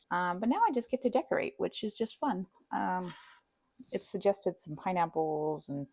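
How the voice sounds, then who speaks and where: Chatty woman with a low gravelly voice. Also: darkish tone. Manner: chatty, self-deprecating, laughs often. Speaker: home baking vlogger. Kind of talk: casual chat while decorating a cake. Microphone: wireless microphone.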